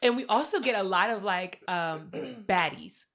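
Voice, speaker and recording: A woman's voice: mid-range voice, animated, measured pace, fairly bright tone. A young woman co-hosting a podcast in casual chat, telling stories with slang and swearing and mimicking customers' voices. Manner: profane, slangy. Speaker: podcast co-host.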